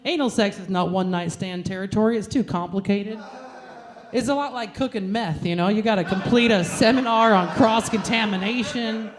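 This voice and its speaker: A woman's voice: mid-range voice, normal speed, a little hiss or hum. A woman performing a stand-up comedy set with a brash, crude and self-mocking delivery.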